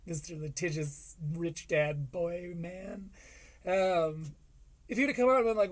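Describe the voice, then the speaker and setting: A man's voice: sits high, unhurried. A man hosting a live stream, reacting to a comedy special with sarcastic, profane commentary. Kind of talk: casual commentary.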